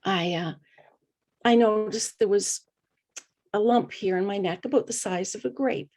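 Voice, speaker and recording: A middle-aged woman, a podcast guest, telling her personal story in an earnest, reflective way with hesitant pauses. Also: mid-range voice, darkish tone. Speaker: guest speaker.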